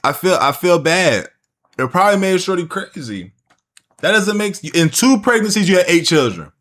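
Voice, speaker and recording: A man's voice: sits high, big pitch swings, moderate pace, a bit bright. A man streaming a casual reaction, talking bluntly and jokingly with slang and swearing.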